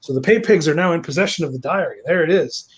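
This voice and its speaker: Raspy guy recapping a story, lots of ums and swearing, kinda high voice. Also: quick pace. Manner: rambling, profane, lots of fillers. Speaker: reviewer. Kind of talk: casual spoken retelling.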